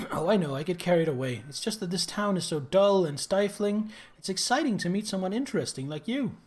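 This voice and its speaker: A man voicing an excitable young girl, the bored mayor's daughter, who gushes with breathless enthusiasm. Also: high voice, a little fast. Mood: gushing.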